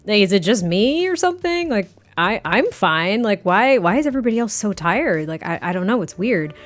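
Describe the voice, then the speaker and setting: A woman's voice: medium pitch, very animated, normal speed, faint music behind, lightly acted. A woman voicing a doting young man, her figure's fiancé, who worries and teases in turn. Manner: doting, playfully ribbing.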